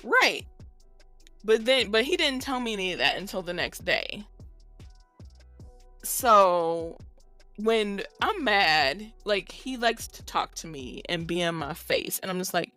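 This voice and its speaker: A woman's voice: medium pitch, lively intonation, unhurried, pushed and bright, soft background music. A middle-aged woman co-hosting a podcast, telling a long story in casual, profane chat. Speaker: podcast co-host.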